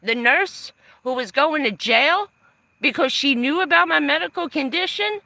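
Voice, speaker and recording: A woman's voice: high voice, expressive, moderate pace, vocal fry, pushed and bright, dry recording. Furious swearing woman ranting on a live stream. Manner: heavy swearing, furious and aggrieved. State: aggravated. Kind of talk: angry live-stream rant. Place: van.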